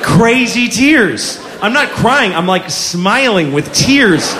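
A man's voice: high-pitched, big pitch swings, slow pace, hardly any pauses, long reverb tail, crowd noise. A man in his forties doing stand-up, telling an exasperated, profane story. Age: 40s. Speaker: stand-up comedian. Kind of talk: stand-up comedy. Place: comedy club stage. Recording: live audience laughter, noisy club.

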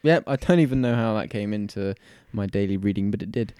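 A man's voice: on the low side, fast, dark tone, dry recording, studio quality. A man co-hosting a podcast in casual chat, laid-back and wry, often laughing. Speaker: podcast co-host.

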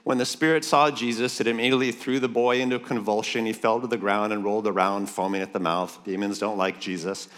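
Lowish male preacher, punchy and playful, working a conference crowd; large-hall reverb. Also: fairly even intonation, fast talker, hardly any pauses, a bit bright. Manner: emphatic and jokey, calls the crowd for amens. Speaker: pastor speaking at a leaders' conference. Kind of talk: sermon.

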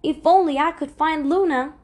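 A woman voicing Logan, a timid little boy creature in a picture book who slowly finds his courage, in a soft, eager storybook voice. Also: high voice, voice pushed up, lightly acted. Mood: wistful.

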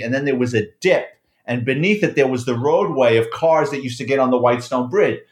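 A middle-aged man, a former police officer and author, telling a profane, animated story in casual conversation. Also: fairly high pitch. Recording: roomy echo.

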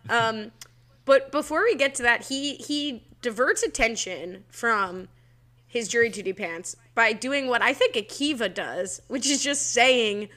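A woman co-hosting a podcast, leading a casual episode recap with quick talk and frequent laughs. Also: on the high side, sharp tone. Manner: quick, laughing, leads the discussion. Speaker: podcast co-host.

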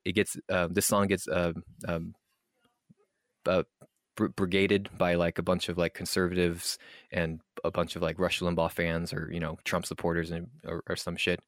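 A man's voice: deep voice, level tone, moderate pace, dry recording, clean studio sound. A man co-hosting a podcast, rambling casually with lots of fillers and restarts. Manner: rambling, filler-heavy, mock-formal when reading aloud. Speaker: podcast co-host.

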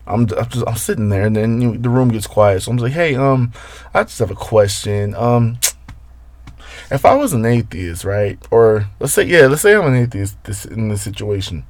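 A man's voice: a little mellow, no echo. Profane, exasperated man ranting to camera. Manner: profane, exasperated storytelling with big swings in pitch. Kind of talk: casual rant to camera.

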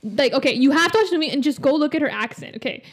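A young woman with a high voice talks in animated casual chat, piling up filler words as she rants. Her delivery is quick and loose, like friends talking on a podcast. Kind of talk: casual chat reviewing a movie.

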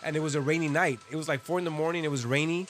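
A man's voice: fairly high pitch, steady tone, racing, fairly bright tone, soft background music. A man hosting a casual podcast, telling a story full of swearing and asides. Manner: profane storytelling, lots of swearing and laughing. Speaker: podcast host.

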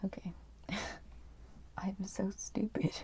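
A woman's voice: mid-range voice, fairly even intonation, slow, creaky, mellow, husky, in a whisper. A woman reading story submissions aloud and reacting with crude, sarcastic remarks.

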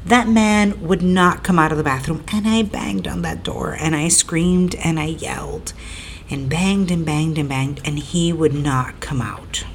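A woman's voice: sits low, a little slow, slight background noise. A woman telling a personal story in a casual, rambling way, repeating herself with fillers and building to emphatic, indignant stretches.

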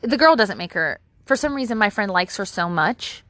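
Outdoors at her home, a woman vlogger speaks straight to camera, offering casual advice in a candid, rambling way and swearing freely. Her mid-range voice is expressive and a bit bright, at normal speed with no echo.

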